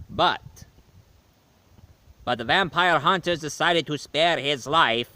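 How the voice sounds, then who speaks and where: A man playing Dracula, a male vampire who is tired of killing, giving a slow, rambling video game review in character. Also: medium pitch, bright, forceful tone, a little hiss or hum. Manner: slow, rambling, self-correcting.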